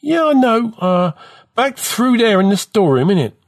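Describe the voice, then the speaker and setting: A man's voice: high-pitched, big pitch swings, normal speed, dry recording, clean studio sound, pitched above the performer's own voice. A man voicing a despondent young male shop worker who talks in street slang.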